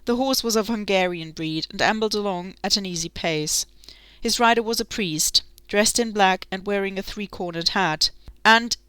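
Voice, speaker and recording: A woman narrating a classic novel as an audiobook, steady and clearly enunciated. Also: mid-range voice, no room sound.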